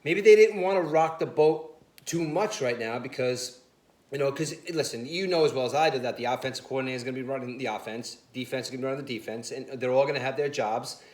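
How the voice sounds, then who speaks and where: A man co-hosting a casual sports show, telling stories with animated laughter and a lot of "listen" and "you know.". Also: medium pitch, fast talker, roomy sound.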